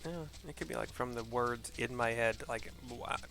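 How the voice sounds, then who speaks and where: A man's voice: mid-range voice, normal speed, creaky, sharp tone, slight background noise. A man casually reading out and narrating a game story for blind viewers, rambling, swearing and laughing at himself. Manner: rambling, swears, self-deprecating. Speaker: gaming narrator.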